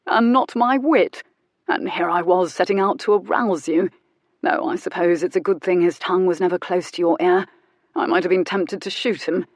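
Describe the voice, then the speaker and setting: A woman voicing a poised, wealthy male marquess who speaks in a low, teasing, intimate murmur. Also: fairly even intonation, brisk, a little mellow, dry recording, studio quality, lightly acted. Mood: wry.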